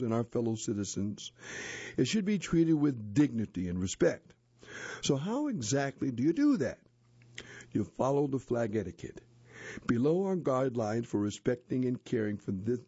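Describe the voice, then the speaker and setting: Man reading aloud, warm mellow tone, dry muffled audio. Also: medium pitch, slightly rough, no echo. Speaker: narrator, reader. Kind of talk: storybook and handbook read-aloud. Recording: dull lo-fi dry recording.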